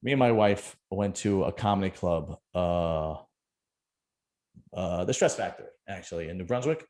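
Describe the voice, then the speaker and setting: A man's voice: low voice, expressive, normal speed, darkish tone. A middle-aged man, hosting a casual chat and telling a rambling, joking story. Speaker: podcast host.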